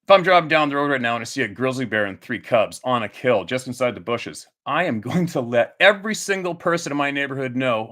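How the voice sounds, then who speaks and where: On his own channel, a man with a mid-range, slightly bright voice rants in a heated, profane monologue. It's repetitive and angry, broken up by restarts and rhetorical questions.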